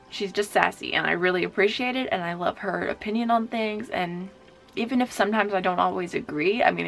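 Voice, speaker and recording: A young woman chats about beauty in a casual, gushing way, with plenty of fillers. Her voice sits at an ordinary pitch with a steady gravelly fry. Soft music plays faintly behind her. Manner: chatty and gushing, many fillers. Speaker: beauty vlogger. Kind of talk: casual chat.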